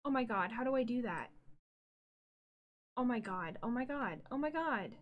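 A woman streamer chatting casually on a live stream from a room at home, bubbly and easily distracted, breaking into excited squeals. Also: a little high, moderate pace, lo-fi sound. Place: home room with green screen.

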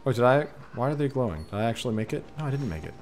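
A man playing a photo game and giving casual commentary, talking excitedly to the creatures on screen. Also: medium pitch, racing, slight background noise. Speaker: gaming streamer. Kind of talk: casual let's-play commentary. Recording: faint game music behind. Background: faint game music.

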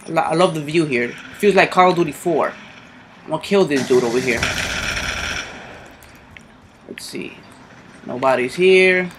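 A man giving casual commentary over his own online shooter match, excitable and swearing constantly, yelping when something sudden happens. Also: a little high, normal speed, pauses often, background noise. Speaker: gamer doing live commentary.

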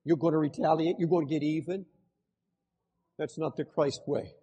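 Husky high-voiced older preacher, hall reverb. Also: male voice, steady tone, moderate pace, dark tone. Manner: fervent preaching, direct address to the congregation. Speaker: pastor. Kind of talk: sermon.

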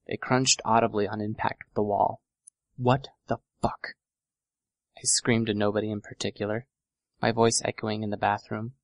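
A man reads a first-person audiobook at an even, measured pace. His voice sits low and carries a gravelly rasp. The sound is close and dry, with no room around it. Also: no echo. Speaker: audiobook narrator.

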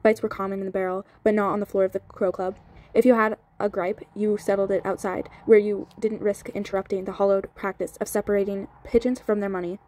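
Woman reader for a novel; flat delivery, fast and sped-up. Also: mid-range voice. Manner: even, steady reading with small slips and restarts. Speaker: audiobook reader. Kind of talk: novel read aloud. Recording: sped-up audio.

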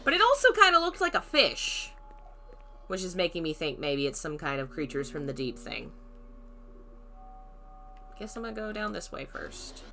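Lively, bright-voiced woman streamer. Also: fairly low pitch, moderate pace, long pauses, a little hiss or hum. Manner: chatty, thinks aloud, greets chat, laughs often. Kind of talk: casual let's-play commentary.

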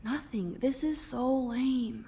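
A woman voicing a thoughtful teenage girl in a video game, talking in a dry, quietly sarcastic inner monologue. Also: sits high, slow, slight background noise. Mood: wry.

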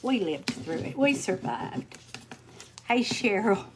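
A woman's voice: medium pitch, lively intonation, takes it slowly, noisy background. An older woman chatting folksily on a livestream, greeting viewers by name and sounding tired. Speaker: livestream host. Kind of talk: casual livestream chat while crafting.

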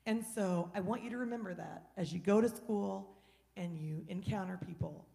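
A woman in her thirties telling a gentle story to children during a church service. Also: mid-range voice, moderate pace, gravelly. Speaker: children's message leader. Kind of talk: children's sermon. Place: church sanctuary. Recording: long church hall reverb.

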